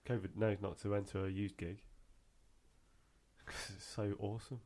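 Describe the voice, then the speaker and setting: A man's voice: on the low side, level tone, measured pace, darkish tone. A man co-hosting a casual podcast, joking and steering the segments along. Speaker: podcast co-host.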